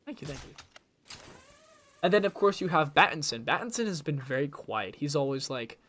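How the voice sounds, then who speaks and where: A man's voice: on the high side, expressive, normal speed, a bit bright, slight background noise. A young man streaming a video game, rambling casually and trying out voice impressions between moves. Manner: chatty, jumps between topics, tries voice impressions.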